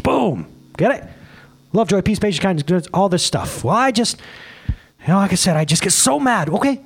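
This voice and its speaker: Excitable pastor with a high, lively voice. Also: male voice, breathy edge. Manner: excitable, rambling, laughs at himself. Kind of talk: casual sermon.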